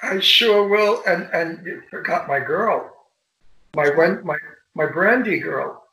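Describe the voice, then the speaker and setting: An older man as an interview guest, telling bawdy stories in a lively, animated way over a remote call. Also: sits high, slow pace, slight background noise. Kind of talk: casual interview chat. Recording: echoey room.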